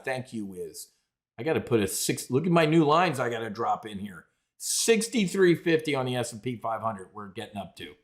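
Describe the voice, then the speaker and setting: Brash man hosting a live trading show. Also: mid-range voice. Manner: brash, rambling, addresses the audience as folks. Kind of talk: live market commentary.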